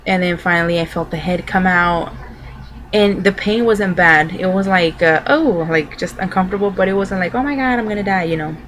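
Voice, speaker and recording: A woman's voice: fairly low pitch, steady tone, normal speed, a bit bright, a little hiss or hum, low-quality recording. A young adult woman vlogging, telling a personal story to camera in a loose, rambling way full of filler words.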